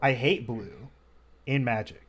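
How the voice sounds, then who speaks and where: A man's voice: medium pitch, measured pace, fairly bright tone, slight background noise. A man commentating on a card game match, talking casually and rambling through stories with lots of filler words. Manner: rambling, filler-heavy storytelling.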